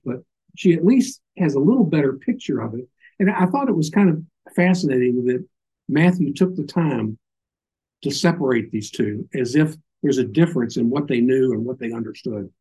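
A man's voice: medium pitch, animated, a little fast, dark tone, husky, poor audio. An older man with a Southern accent giving an informal Bible teaching, folksy and full of little stories and asides. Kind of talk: informal sermon.

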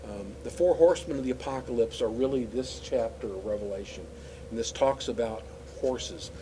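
A man's voice: medium pitch, normal speed, background noise. A man teaching scripture in a conversational, explanatory way, with frequent fillers and restarts. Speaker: Bible teacher.

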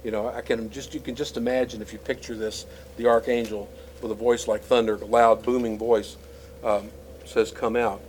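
A man's voice: medium pitch, little pitch movement, normal speed, a little mellow, slight background noise, low-quality recording. A man teaching scripture in a conversational, explanatory way, with frequent fillers and restarts. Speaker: Bible teacher.

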